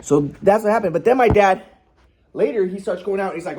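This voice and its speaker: A man's voice: sits high, quick pace, darkish tone. A man telling a personal story in a casual monologue, rambling, repeating himself and cursing.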